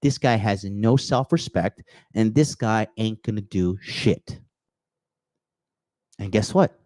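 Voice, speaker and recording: A man's voice: on the low side, takes it slowly, a little mellow, dry recording. Blunt, swearing man ranting into a dry mic. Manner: blunt, crude, swears often, repeats okay; emphatic bursts, repeating key phrases. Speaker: podcast host. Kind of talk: profane motivational rant with chat replies.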